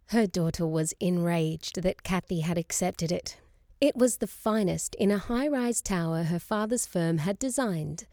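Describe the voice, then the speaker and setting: This scripted narration has a female audiobook reader telling a novel's story with a steady, expressive delivery. Her pitch is medium, there's no echo, and the audio is studio quality.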